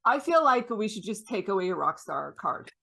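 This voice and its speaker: A woman's voice: mid-range voice, big pitch swings, normal speed, creaky, sharp tone. A woman hosting a casual interview, teasing her guest and laughing easily. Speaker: podcast host.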